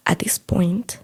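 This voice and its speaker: A young Kenyan woman, a podcast guest, telling a personal story and acting out the quoted lines of each person in a husky, breathy voice. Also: a little mellow. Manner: recounts events by acting out quoted dialogue.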